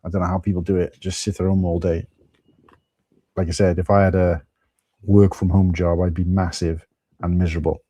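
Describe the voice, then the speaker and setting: A man's voice: deep voice, flat delivery, a little fast, pauses often, warm tone, husky, dry recording. A man with a Welsh accent hosting a casual live stream, chatting loosely and greeting viewers by name. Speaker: livestream host. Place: at home.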